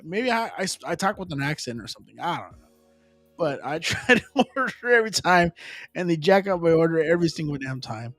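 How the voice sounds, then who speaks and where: A man talks loosely and rambles through a casual chat, dropping slang and Spanish phrases as he goes. His voice sits high for a man. It is recorded dry and close, with faint music underneath. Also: animated, a little fast, fairly bright tone, dry recording. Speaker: live stream host.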